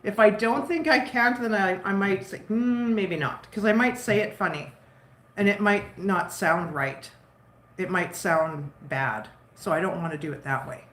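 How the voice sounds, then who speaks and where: A woman's voice: medium pitch, moderate pace, a bit bright. A woman in her fifties chatting casually with live viewers from a home kitchen, rambling and giggly. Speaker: livestream host. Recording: roomy echo.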